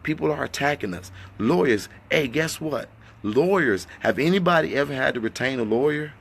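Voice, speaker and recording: A man with a gravelly, mid-pitched voice speaks to his followers with fervor. He fires off rhetorical questions and at times drops to a hushed tone. He is talking in an echoey indoor space. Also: animated, moderate pace. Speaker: activist addressing followers. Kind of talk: impassioned livestream talk.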